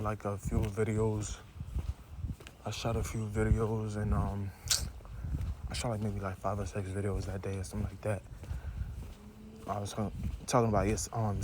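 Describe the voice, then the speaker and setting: Chewing gum, a young man chats casually for his vlog, wandering from point to point and leaning on "you know" and "like." The pitch is fairly low and monotone, at normal speed, broken by long pauses. The recording carries a faint background hum.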